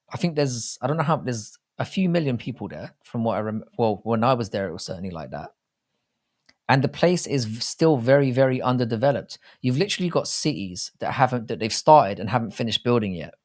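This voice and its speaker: A man's voice: medium pitch, animated, a little fast. A British man co-hosting a live stream chat, rambling in a casual, profane way. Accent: British English. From Britain.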